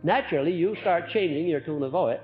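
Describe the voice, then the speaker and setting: Guy lecturing a crowd in an old muffled recording, bit high voice, folksy, lots of uhs, faint music under it. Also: a little fast. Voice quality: frequent "uh" hesitations. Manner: folksy, earnest, swings between loud and soft on purpose. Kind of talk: recorded lecture to a live audience.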